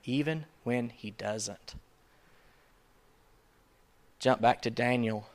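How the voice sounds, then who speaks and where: A man preaching a sermon in a conversational, emphatic way, swinging from soft asides to loud urgency. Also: mid-range voice, slow pace. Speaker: pastor.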